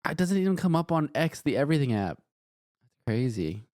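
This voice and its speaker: A man's voice: on the high side, big pitch swings, brisk, darkish tone, no echo, studio quality. A man streaming, reacting to videos with wry, profane asides while browsing. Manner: wry, swearing, talks to himself while browsing.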